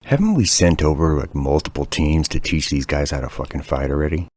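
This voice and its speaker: A man's voice: a bass voice, animated, fairly quick, a little mellow, no room sound. A young man hosting a podcast, ranting sarcastically with lots of swearing in a casual comedic monologue. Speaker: podcast host.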